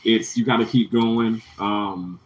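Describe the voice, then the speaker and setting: Flat in delivery and slow in pace, this livestream host is heard on a low-quality recording with slight background noise. He still speaks to viewers in a heartfelt, rambling way, repeating himself, and his pitch jumps high when emphatic.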